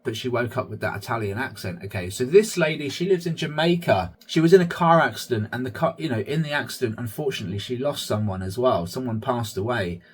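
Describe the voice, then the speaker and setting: A man's voice: mid-range voice, lively intonation, quick pace, few pauses, breathy edge. A man hosting his own vlog, chatty commentary that keeps addressing viewers as guys. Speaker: channel host.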